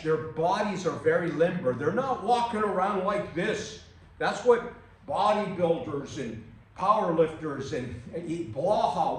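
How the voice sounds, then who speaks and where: A man teaching striking technique in a casual demonstration, loose and emphatic, punctuating moves with "boom" and "bam", recorded on a camera mic at a distance. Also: slight background noise. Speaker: martial arts instructor. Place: room, filmed on own camera. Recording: very echoey room, voice off-mic.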